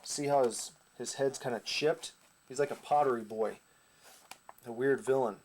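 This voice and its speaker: Man at mid pitch, loose conversational recap, rambling asides. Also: normal speed, a little mellow, a little hiss or hum. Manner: rambling, casual, with fillers and asides. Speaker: comic creator. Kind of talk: casual comic recap narration.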